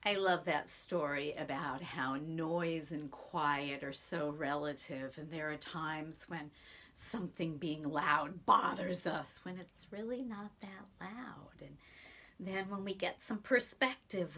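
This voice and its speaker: Slow, bright-voiced woman talking to kids. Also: low-pitched, fairly even intonation. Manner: soft, hushed, addressing children directly. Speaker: children's music performer. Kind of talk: storytelling and teaching to kids.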